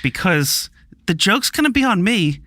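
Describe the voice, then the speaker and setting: A man co-hosting a casual podcast chat who rants with profanity and gets heated. His voice is very bright and on the higher side. The sound is dry and close to the mic. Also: a little slow, no echo. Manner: profane, ranting, animated. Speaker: podcast co-host.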